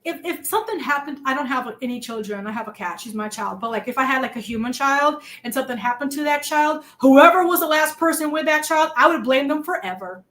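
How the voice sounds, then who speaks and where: A woman with a Massachusetts accent chatting about a true-crime case, animated and worked up, swearing at times. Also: high voice, a little fast, few pauses. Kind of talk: casual true-crime chat.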